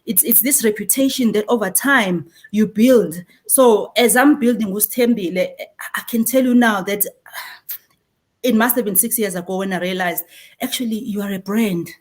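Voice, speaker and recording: Woman, South African accent with Zulu inflection, forties, marketing speaker, conference panel, animated, mid pitch. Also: normal speed. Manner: animated storytelling, mixes in Zulu phrases.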